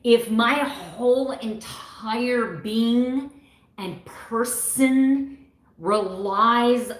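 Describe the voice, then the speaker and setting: A woman in her fifties talking to her viewers in a heartfelt personal vlog about her diet journey, animated and slipping into other people's voices when she quotes them. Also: fairly high pitch, roomy sound. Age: 50s. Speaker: keto vlogger.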